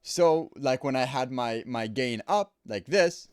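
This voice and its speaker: In an unhurried, clean-toned medium voice with no room sound, an audio engineer talks through home studio recording at close range to a studio mic. He keeps it casual and explanatory, repeating points for emphasis.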